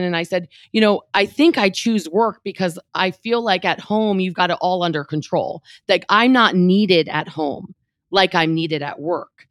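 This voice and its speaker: A real estate team leader in her thirties speaks in a fairly low voice, telling an interviewer a frank, emotional story from her own life with lots of "like" fillers and plenty of animation. The recording is dry and studio quality.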